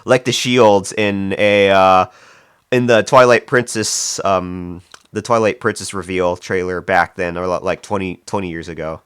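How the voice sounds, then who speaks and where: A man chats loosely to his live-stream viewers in a low, relaxed voice, trailing off into fillers and restarting his sentences. The sound is dry and close, with no room around it. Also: a little slow, clear, resonant tone, no room sound. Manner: rambling, reads chat aloud, frequent fillers and restarts. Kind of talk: casual live-stream chat.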